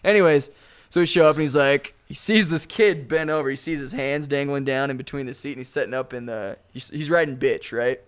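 A man in his thirties, a podcast co-host, tells a rowdy story while chatting casually with friends. His voice sits at medium pitch with a clean tone, and he talks fairly quickly. He laughs a lot and acts out the people he quotes.

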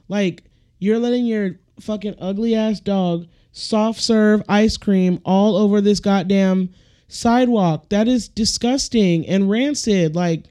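A woman's voice: mid-range voice, mellow. A woman hosting her own podcast, ranting bluntly and comically with heavy profanity. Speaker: podcast host. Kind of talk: casual comedic rant.

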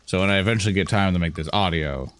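A man's voice: low voice, racing, background noise. A man playing a tabletop game, making wry, joking remarks. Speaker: player. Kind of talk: casual game chat.

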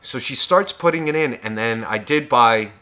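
Here the same sort of podcast co-host, a man, tells his foul-mouthed shopping tale at normal speed, playing both parts of the conversation. His voice is mid-range with a sharp edge, and the talk is a laid-back storytelling rant.

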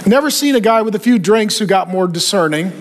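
A man preaching a sermon with animated delivery and joking asides. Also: sits high, a little fast, slight background noise. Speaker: pastor.

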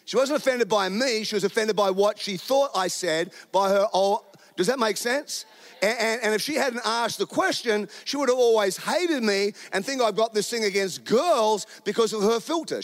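A middle-aged Australian man preaching a sermon as a guest speaker, an animated storyteller who jokes and throws in quick asides. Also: sits high.

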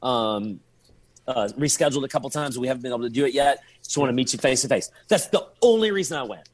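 A fast-talking man of medium pitch tells stories as a podcast guest in casual chat, animatedly acting out his own texts and inner thoughts.

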